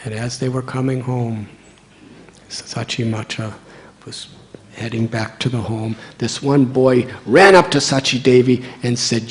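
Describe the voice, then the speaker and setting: A man giving a storytelling sermon as a monk, speaking gently with chuckling asides. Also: medium pitch, fairly even intonation, a little slow, a little hiss or hum.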